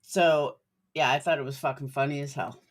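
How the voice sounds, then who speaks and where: A woman's voice: very deep voice, fairly even intonation, normal speed. A woman talking bluntly and profanely on a livestream. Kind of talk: casual livestream talk.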